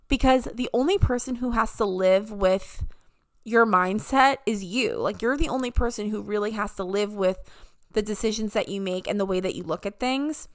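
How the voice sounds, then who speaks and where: An upbeat young woman hosts her podcast with a motivational talk, her voice sitting a bit high. She slips into little imitations whenever she quotes someone. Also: fairly bright tone. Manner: upbeat, mimics voices when quoting. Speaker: podcast host. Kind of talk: casual motivational monologue.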